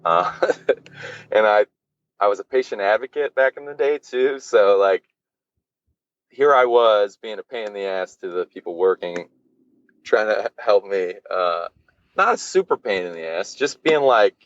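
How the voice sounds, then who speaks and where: A man's voice: on the low side, lively intonation, unhurried, pauses often, dry recording, highs cut off. A man guesting on a podcast, telling a personal story casually, with lots of fillers and swearing. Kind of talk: candid storytelling.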